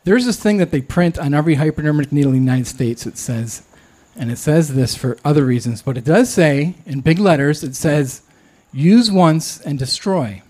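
A man telling a true personal story, candid and self-deprecating, often pausing and restarting. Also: a little high, lively intonation, darkish tone.

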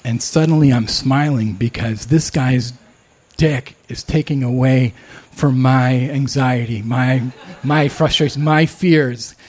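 A man telling a true personal story, candid and self-deprecating, often pausing and restarting. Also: medium pitch, a little mellow.

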